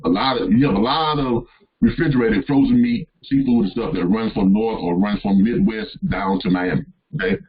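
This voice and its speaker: A man's voice: on the low side, moderate pace, lo-fi sound, a crowd in the background. A man hosting a live question-and-answer call, giving casual advice in a rambling way with many fillers and restarts. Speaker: host answering caller questions.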